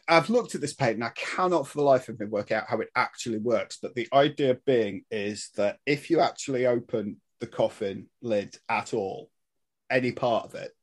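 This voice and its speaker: A man explaining history in casual podcast chat, animated and swearing, laughing at his own points. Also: medium pitch. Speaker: guest historian.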